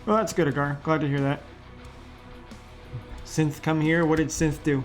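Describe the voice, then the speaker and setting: A man's voice: a little high, level tone, normal speed, soft background music. A man chatting casually with his live-stream chat, laid-back and swearing offhandedly.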